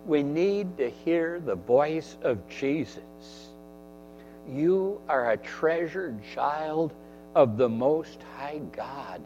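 Slow, lively-voiced male preacher. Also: a little high, long reverb tail, faint music behind. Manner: earnest, repeats phrases for emphasis. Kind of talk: sermon. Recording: dull recording with faint mains hum.

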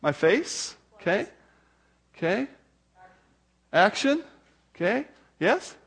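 An older man, a grandfather, preaching a sermon as pastor, animated and acting out the voices of people in his stories. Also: sits high, slow pace, vocal fry, breathy edge.

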